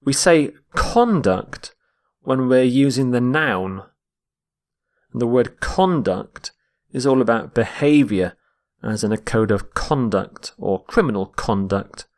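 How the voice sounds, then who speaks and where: Slow, deliberate male English teacher. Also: medium pitch, lively intonation, darkish tone. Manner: deliberate, repeats each word to stress its syllables. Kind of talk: slow, explained vocabulary lesson.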